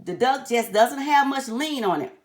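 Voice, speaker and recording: A woman's voice: high voice, animated, normal speed. An older woman teaching a recipe in a chatty way, often calling her viewers honey. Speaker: home cook. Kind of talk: cooking tutorial.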